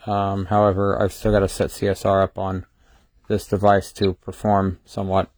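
A tired, sleep-deprived man hosting a casual livestream, talking haltingly with many fillers and restarts. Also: sits low, completely flat delivery, darkish tone, no room sound. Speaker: livestream host.

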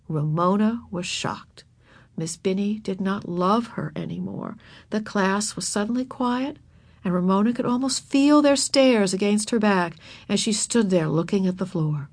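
A woman narrating a children's storybook in an expressive, animated reading. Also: medium pitch, measured pace, dry recording.

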